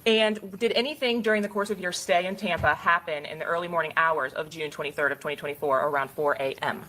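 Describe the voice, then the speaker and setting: A woman attorney examining a witness in court. She asks her questions in a measured, formal manner. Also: sits low, steady tone, fairly bright tone, rough recording. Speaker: prosecuting attorney.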